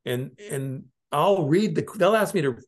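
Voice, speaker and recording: A middle-aged man from Alaska, a lawyer and interview guest, telling stories in a halting, rambling way with chuckling asides. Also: fairly high pitch, animated. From Alaska, United States. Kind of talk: casual interview conversation.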